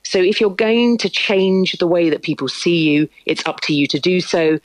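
A woman, a former news producer, telling her story as a radio guest, brisk and candid. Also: lowish voice, dry recording, poor audio. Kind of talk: radio interview.

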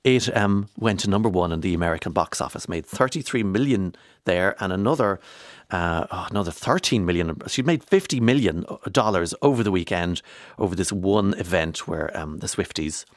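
A man's voice: low voice, lively intonation, normal speed, dry recording. An Irish man presenting a radio show in a studio, chatting casually with rambling, playful asides. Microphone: studio microphone.

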